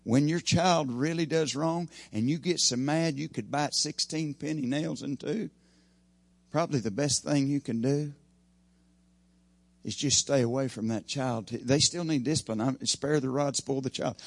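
A man preaching an evening sermon, his voice swinging from loud emphasis to hushed asides. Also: medium pitch, dry recording.

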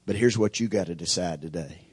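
A husky male pastor preaching in a church, his voice rising to shouts and dropping to near whispers as he drives his points home. The sound is dry and close, with folksy turns of phrase throughout. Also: sits low, brisk, no echo. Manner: preacherly, swings from shouting peaks to hushed lines. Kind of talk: sermon.

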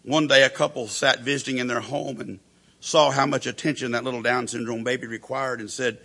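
Gravelly, bright-toned preacher. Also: male voice, mid-range voice, fairly even intonation, a little fast. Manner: storytelling preacher who acts out quoted voices. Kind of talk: sermon.

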